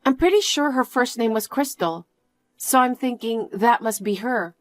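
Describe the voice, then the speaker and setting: A woman's voice: a little high, lively intonation, normal speed, no echo. A young woman telling her own story in a one-voice narration, outspoken and indignant. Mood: calm. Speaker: storyteller, main character.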